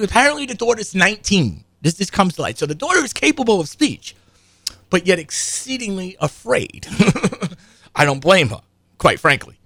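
A man's voice: high-pitched, very animated, a little fast, fairly bright tone, dry recording. An older man telling a rambling, profane story in casual monologue, full of asides and restarts. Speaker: show regular.

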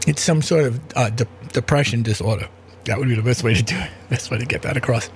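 A fast-talking man with a creaky, mid-range voice hosts his own podcast from home, where an air conditioner runs and slight background noise is audible. He meanders casually through tangents and uses many fillers.

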